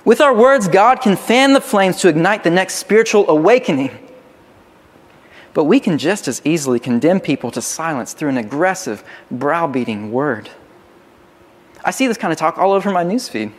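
A man's voice: on the high side, animated, moderate pace. A man preaching a sermon as a pastor, conversational and full of restarts. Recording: long hall reverb.

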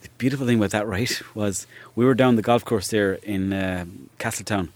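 A man's voice: fairly low pitch, brisk, no echo. Rambling Irish man swapping stories. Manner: rambling, swears freely, laughs through his stories. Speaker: guest, actor and comedian. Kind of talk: casual anecdotal storytelling.

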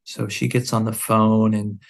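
A man guest on a podcast, telling a story in conversation in an earnest, measured way. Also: lowish voice, little pitch movement, vocal fry.

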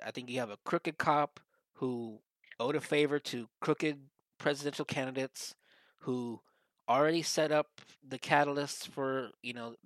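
A man, co-hosting a casual podcast chat, rambling and profane, getting animated when he quotes others. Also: medium pitch, no echo. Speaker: podcast co-host.

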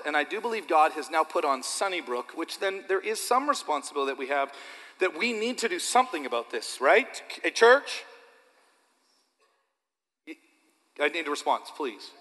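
A man preaching a sermon to his church, animated and repetitive, addressing the audience directly. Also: a little high, big-room sound. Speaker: pastor.

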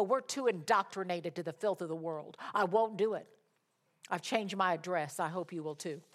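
A woman preaching a sermon, rising to loud, impassioned declarations and dropping to soft, chatty asides. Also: medium pitch, normal speed.

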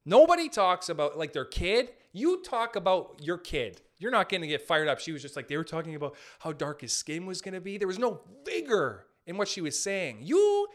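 A man's voice: high voice, brisk, hardly any pauses. A man in his late twenties hosting a solo podcast, ranting comically with jokes and laughing at himself. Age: late 20s. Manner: animated, jokey, laughs at own jokes. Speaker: podcast host. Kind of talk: comedic solo podcast rant.

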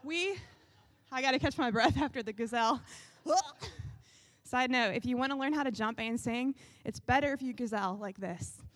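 A woman worship leader doing a sarcastic comedic sketch, animated and breaking into shouts and sung snippets. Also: sits high, normal speed, no echo.

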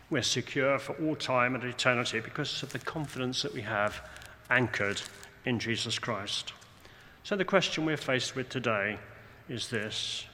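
A man preaching a sermon, measured and deliberate, slowing down for emphasis, with dry, wry asides. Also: medium pitch, pushed and bright. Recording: long hall reverb, faint room noise.

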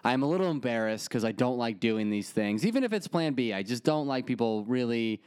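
A man casually telling a crude, animated story on a podcast, acting out the people in it. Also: mid-range voice, brisk, clear, resonant tone, dry recording.

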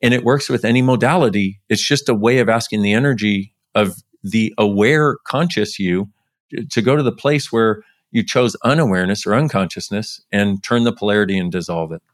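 A man speaking as a podcast guest in casual interview talk, animated, pushing his pitch up sharply for emphasis. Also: fairly quick, no room sound, clean studio sound.

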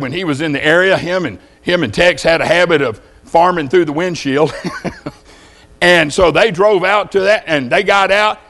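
A man's voice: on the high side, a bit bright. An older man preaching a sermon, telling homespun stories and jokes in a folksy way.

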